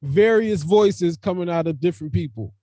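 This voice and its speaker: Man, podcast host, fairly high voice, dry close sound, slangy banter, swears a lot. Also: normal speed, dark tone, dry recording. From Jamaican family. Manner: loose, profane, laughing banter with slang. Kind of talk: casual chat.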